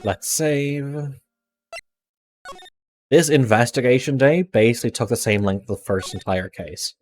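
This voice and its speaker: A man's voice: mid-range voice, measured pace, faint music behind. A man streaming a game live, making wry, joking asides to his chat. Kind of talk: live game playthrough commentary.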